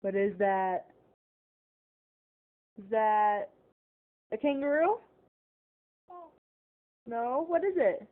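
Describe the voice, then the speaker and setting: A woman's voice: on the high side, expressive, very slow, pauses often, narrow, tinny audio. A mother coaxing her toddler in a sing-song home video voice.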